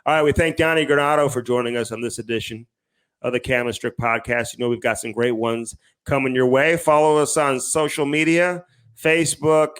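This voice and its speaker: A man's voice: medium pitch, fairly even intonation, a little fast, a bit bright, smooth. A man co-hosting a podcast in casual chat, laid-back and chuckling through sponsor reads. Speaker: podcast co-host.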